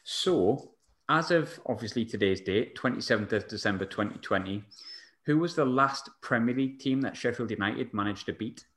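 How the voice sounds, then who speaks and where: A chatty man hosting a casual football talk, jokey and full of questions. His middle-pitched voice rings around an echoey room. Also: expressive, moderate pace, fairly bright tone.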